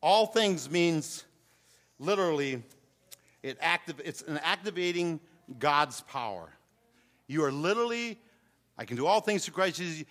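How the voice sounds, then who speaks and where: A man's voice: sits high, expressive, moderate pace, fairly bright tone. An older man preaching a sermon to a congregation, calling out to them with rising fervor. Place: church hall with congregation. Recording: long hall reverb.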